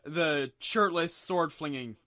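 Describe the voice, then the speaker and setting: A man's voice: on the high side, takes it slowly, bright, forceful tone, no room sound, clean studio sound. A man co-hosting a casual podcast, laughing along and prompting the guest with encouraging remarks. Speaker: podcast co-host. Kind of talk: casual chat.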